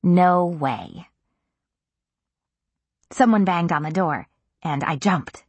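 A woman narrating a first-person novel in an intimate, even storytelling manner. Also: lowish voice, slow pace, husky, dry recording. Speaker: audiobook narrator.

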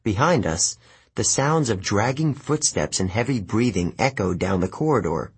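A man narrating a novel as an audiobook in an expressive storytelling manner. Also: lowish voice, moderate pace, husky.

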